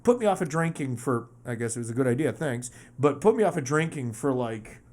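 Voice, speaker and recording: Animated, swearing podcast host. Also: male voice, medium pitch, fairly quick. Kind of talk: casual podcast chat.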